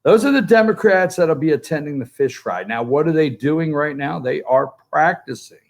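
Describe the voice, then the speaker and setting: A man with a gravel-edged, slightly higher voice delivers opinionated political talk. He has a joking, sarcastic manner. He speaks remotely from a poolside spot. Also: expressive, normal speed. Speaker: political commentator. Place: outdoors by a pool, remote from the studio.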